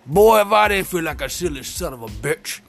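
A man's voice: fairly high pitch, very animated, moderate pace, gravelly, faint music behind. A man telling a comic story in a rambling, profane, streetwise way, full of slang.

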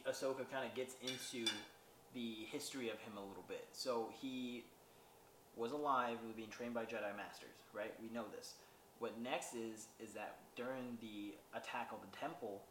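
A man's voice: mid-range voice, a bit bright. A man hosting a podcast, recapping an episode in loose casual talk full of fillers. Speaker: podcast host. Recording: echoey room with faint noise.

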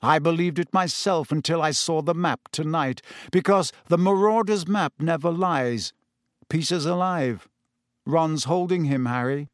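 Man reading a pleading middle-aged wizard, pitched high and pushed loud, slow and urgent. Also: dry recording, studio quality, close to an everyday voice. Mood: firm.

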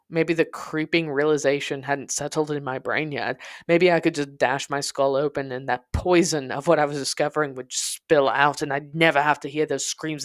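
A podcast narrator recounts a personal story in the first person, quiet, intense and confessional, in a mid-range voice.

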